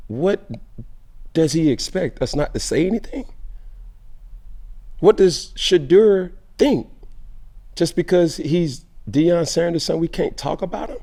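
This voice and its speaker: A man's voice: high voice, warm tone. A man hosting a casual sports podcast, talking emphatically and firing off rhetorical questions. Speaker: podcast host.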